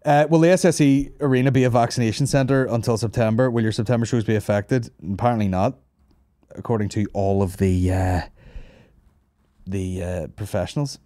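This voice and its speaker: A man's voice: lowish voice, steady tone, brisk, mellow, no echo, clean studio sound. A man hosting a comedy podcast, rambling and swearing as he jokes crudely with his co-host.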